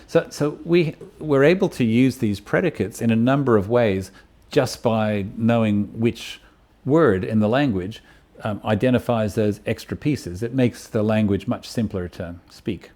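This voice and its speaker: A man giving a university lecture, halting often with ums and restarting his phrases. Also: fairly low pitch, a little mellow.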